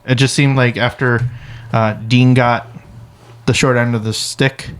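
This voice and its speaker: A man co-hosting a comedy podcast in easygoing casual chat, quick to laugh. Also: medium pitch, level tone, clean tone. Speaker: podcast co-host.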